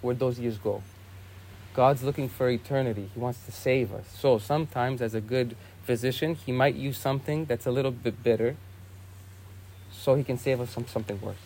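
A young man, a monk, telling a saint's story in a relaxed, casual way with lots of "you know" and "like". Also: medium pitch, a little fast, slight background noise. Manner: easygoing, many fillers like "you know" and "like".

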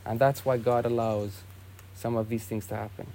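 A young man, a monk, telling a saint's story in a relaxed, casual way with lots of "you know" and "like". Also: mid-range voice, normal speed, a little hiss or hum. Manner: easygoing, many fillers like "you know" and "like".

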